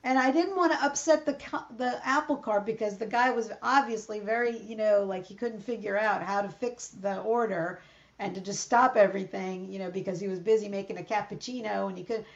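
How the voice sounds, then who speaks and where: A woman's voice: medium pitch, fairly quick. A middle-aged woman co-hosting a podcast, telling everyday stories in casual chat and acting out what people said. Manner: chatty storyteller, acts out quoted exchanges. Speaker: podcast co-host. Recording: slightly dull lo-fi sound.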